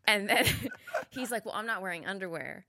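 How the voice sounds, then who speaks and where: A woman's voice: medium pitch, expressive, moderate pace, bright, forceful tone, a little hiss or hum. A woman guest telling a rambling story in casual chat, hesitant and often laughing. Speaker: podcast guest.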